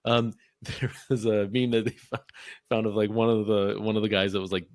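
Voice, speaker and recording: A man's voice: on the low side, moderate pace, no echo. Man, podcast co-host, casual chat, giggly storyteller, dry close recording. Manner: laughs often, animated storytelling.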